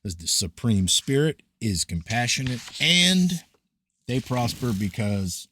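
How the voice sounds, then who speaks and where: A man giving a grave, measured, declamatory reading of an ancient scripture. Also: fairly low pitch, expressive, a little hiss or hum.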